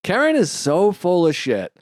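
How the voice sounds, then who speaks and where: A man trading quick, crude stories on a comedy podcast. His voice sits a touch high, and the studio sound is dry and close. He slips into mocking voices to act out the people he talks about. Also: huge pitch swings, dry recording. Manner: fast, crude storytelling with mocking impressions. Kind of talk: casual banter.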